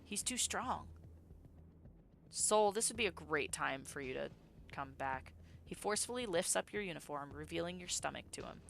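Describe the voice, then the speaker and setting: A woman streamer reading a story game aloud, breaking off into excitable, swearing reactions. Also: deep voice, normal speed, creaky, a little hiss or hum.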